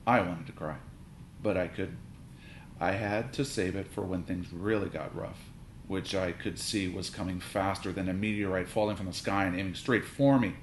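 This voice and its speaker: A man narrating a children's story aloud in an animated, playful way. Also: deep voice, moderate pace. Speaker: audiobook reader. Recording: roomy reading with faint hiss.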